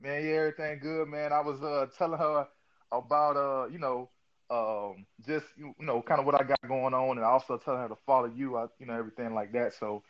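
A man's voice: medium pitch, fairly even intonation, fairly quick. A man hosting a podcast, chatting in a laid-back way with lots of fillers. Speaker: podcast host. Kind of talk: casual chat. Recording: dull lo-fi audio.

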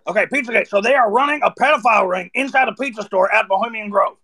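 A man doing a comic impression of a ranting male conspiracy radio host who shouts in a rambling, paranoid way. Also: high-pitched, fast, gravelly, exaggerated voice.

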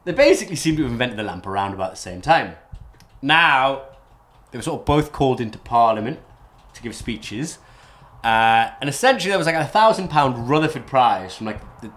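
A podcast host from North East England runs a casual history show, rambling along with many restarts and self-corrections. His voice is mid-range and fairly bright.

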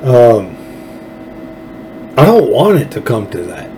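Folksy Texan man ranting slowly. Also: medium pitch, very animated, warm tone, slight background noise, rough recording. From Texas. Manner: folksy, fervent, rambling with restarts. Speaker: show host. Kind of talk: political commentary monologue.

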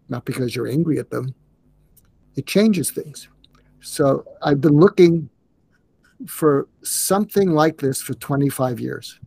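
Earnest older man, halting, dry sound. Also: medium pitch, darkish tone, husky, no room sound. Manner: earnest, halting with restarts and fillers. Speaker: interview guest, psychiatrist. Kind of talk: conversational interview.

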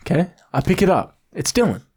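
A man co-hosting a podcast, animated and swearing as he acts out a story in casual chat. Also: high voice, brisk, noisy background. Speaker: podcast co-host.

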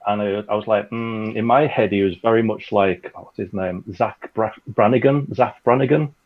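A man's voice: on the low side, fairly even intonation, normal speed, narrow, tinny audio. A man who makes an audio drama, chatting casually and rambling with lots of fillers. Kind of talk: casual chat.

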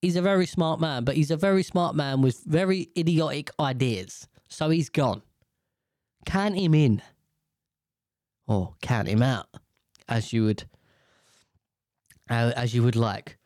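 A man's voice: medium pitch, measured pace, long pauses, a little mellow, no room sound, clean studio sound. A British man from the UK in a casual, rambling monologue, swearing freely and airing strong opinions. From United Kingdom.

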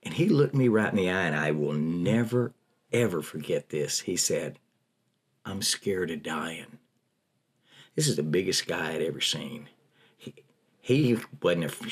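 In an interview, an older man who volunteers in prison ministry shares personal stories in a folksy, animated manner. His voice sits low and sounds husky.

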